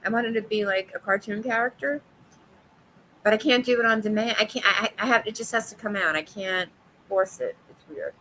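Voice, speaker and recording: A woman hosting a casual livestream chat with viewers, talkative and quick to laugh, often restarting her sentences. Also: mid-range voice, bright, forceful tone, a little hiss or hum, low-quality recording. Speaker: livestream host.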